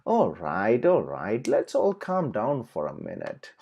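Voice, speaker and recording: A woman voicing a calm mother pig who soothes her children, for a children's storybook. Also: rumbling low, slow pace, breathy edge, highs cut off, full character voice. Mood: soothing. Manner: soothing and gentle.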